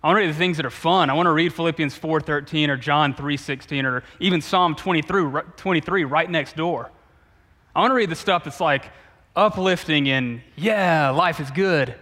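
A man, a youth pastor, giving a sermon in a conversational way, with relaxed asides and restarts. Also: a little high, brisk. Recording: long reverb of a large hall.

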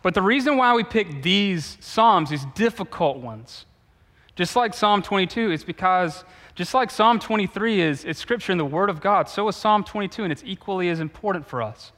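Bright-voiced man preaching in a hall. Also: sits high, moderate pace. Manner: conversational, with relaxed asides and restarts. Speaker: youth pastor. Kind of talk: sermon. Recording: long reverb of a large hall.

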